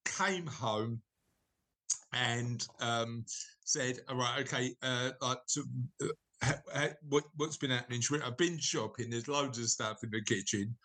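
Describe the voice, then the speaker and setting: A man's voice: medium pitch, unhurried, pushed and bright. A middle-aged man, hosting a podcast in a rambling, jokey, self-correcting chat. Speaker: podcast host. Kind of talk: casual chat.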